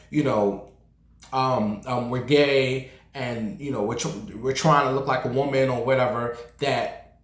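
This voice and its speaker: A man telling a story in a casual vlog, in a sassy, blunt, animated way. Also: mid-range voice, echoey room.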